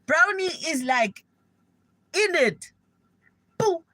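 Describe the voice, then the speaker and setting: A young South African woman telling an animated, gossipy story to viewers of her live stream in casual slang. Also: mid-range voice, a little slow, no echo, poor audio. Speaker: livestreamer.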